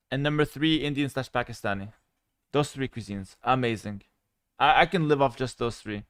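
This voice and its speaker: A man streaming live, chatting casually with viewers in a relaxed, rambling way, with fillers. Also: on the high side, smooth, dry recording, studio quality. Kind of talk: casual livestream chat.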